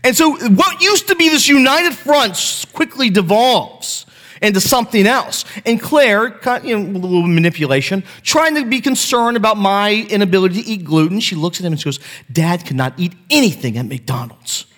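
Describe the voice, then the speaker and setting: A man's voice: high-pitched, expressive, moderate pace, a bit bright. A man in his thirties preaching a sermon to his church on a handheld mic, casual and self-deprecating as he tells family stories. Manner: conversational, self-deprecating storytelling. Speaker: pastor. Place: church sanctuary. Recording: long hall reverb.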